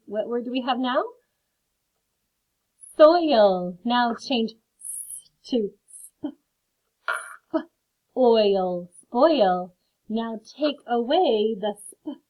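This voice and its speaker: A woman teaching a phonics lesson to children, slowly sounding out word parts. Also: a little high. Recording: phone-like narrow sound.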